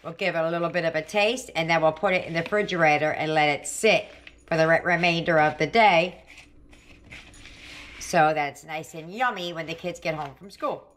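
A woman's voice: low-pitched, moderate pace, fairly bright tone, slight background noise. A middle-aged woman hosting a home cooking video, chatting and thinking aloud as she cooks. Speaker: cooking channel host. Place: home kitchen.

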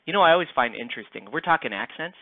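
A man's voice: a little high, animated, racing, no echo. An American man chatting casually with viewers while painting a miniature on a live stream, rambling and joking as he works. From United States. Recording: tinny, lo-fi, close dry mic.

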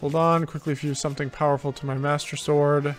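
A man's voice: on the high side, level tone, brisk, soft background music. A man giving casual gameplay commentary as a let's play host, thinking aloud and repeating himself as he plays.

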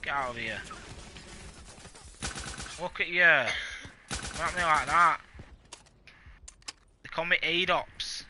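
A man's voice: fairly high pitch, takes it slowly, pauses often, background noise. A man streaming a video game live, hyped and boastful, trash-talking and joking with his chat. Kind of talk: live gaming stream banter.

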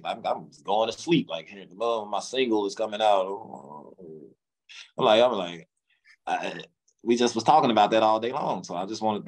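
Low-voiced man telling his story. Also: low-quality recording. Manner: casual, drawling, acts out past dialogue. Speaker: interview guest. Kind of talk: candid storytelling.

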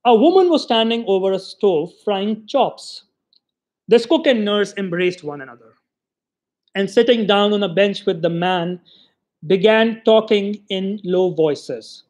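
A man from Pakistan reading a short story aloud in an expressive storytelling manner. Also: high-pitched, unhurried. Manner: expressive storytelling, voices the quoted lines. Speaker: reader of short stories. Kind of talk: literary reading.

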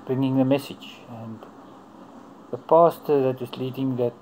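A man's voice: medium pitch, fairly even intonation, a little mellow, a little hiss or hum, low-quality recording. Earnest man giving testimony. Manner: earnest, unhurried, in short broken phrases. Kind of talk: personal faith testimony.

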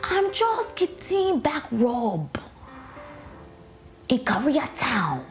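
A woman's voice: high-pitched, huge pitch swings, extremely slow, soft background music, heavily acted. A woman playing an aggrieved, defensive TV anchor with a Nigerian accent in a comedy parody, ranting and pleading. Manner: exasperated ranting, swings to pleading and whispered insults.

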